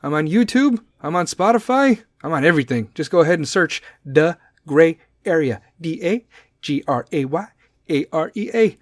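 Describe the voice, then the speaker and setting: A man's voice: a little high, expressive, moderate pace, no echo, clean studio sound. Profane, blunt man ranting on a podcast. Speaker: podcast host. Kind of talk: casual solo podcast rant.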